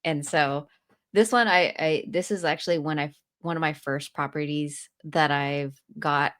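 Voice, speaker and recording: Low-voiced woman telling a story. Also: measured pace, dry recording, studio quality. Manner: laughs often, animated retelling. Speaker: podcast co-host and landlord. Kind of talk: casual storytelling chat.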